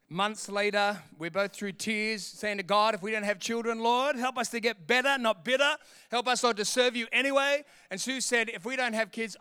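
A man preaching a sermon in an animated way, acting out voices and laughing often. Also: high-pitched, clean tone, dry recording. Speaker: pastor.

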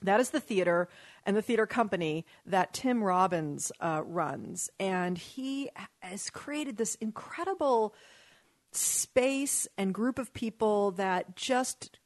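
A woman's voice: medium pitch, lively intonation, slow pace, dry recording, clean studio sound. Exasperated rambling woman radio host. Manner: exasperated, rambling, swears freely. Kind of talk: casual talk radio monologue. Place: studio in Los Angeles.

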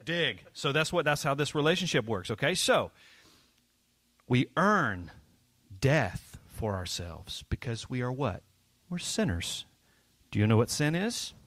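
Man, pastor, children's sermon, playful, questioning, mid-pitched voice, dry close sound. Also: measured pace, long pauses, no room sound. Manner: lively, playful teacher asking kids questions.

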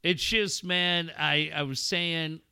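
A man's voice: a little high, steady tone, slow, vocal fry, bright, forceful tone, clear, resonant tone, no room sound, clean studio sound. A man co-hosting a casual talk show, swearing a lot and mock-ranting sarcastically. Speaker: podcast co-host. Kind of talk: crude comedic banter.

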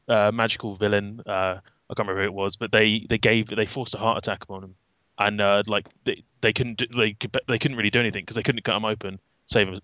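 A man's voice: on the low side, a bit bright, dry recording, lo-fi sound. A British man co-hosting a podcast, chatting casually and stumbling over his words with many restarts. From Britain. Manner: stammering, many restarts and fillers. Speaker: podcast co-host. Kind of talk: casual chat.

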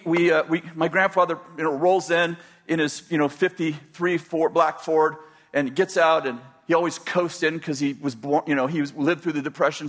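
Older man, slightly high voice, rambling personal story, chuckling restarts. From California, USA.

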